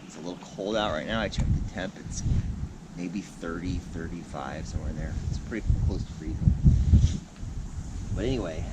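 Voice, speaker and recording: A man's voice: deep voice, normal speed. A man casually narrating his camping trip in an easygoing, chatty way, recorded outdoors at a riverside campsite. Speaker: vlogger. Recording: loud wind and outdoor noise.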